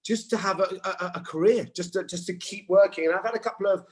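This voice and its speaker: On a low-quality recording, a forties-aged man from England, an actor, speaks quickly in a high voice. He's a guest in a relaxed interview, bringing his stories to life and performing the quotes within them.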